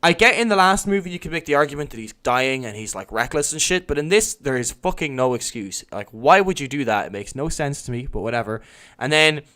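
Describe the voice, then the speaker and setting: A man's voice: mid-range voice, expressive, fairly quick, few pauses, bright, forceful tone, clear, resonant tone. A man casually hosting a podcast, talking in a sweary, sarcastic way and mocking characters with put-on voices. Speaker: podcast host.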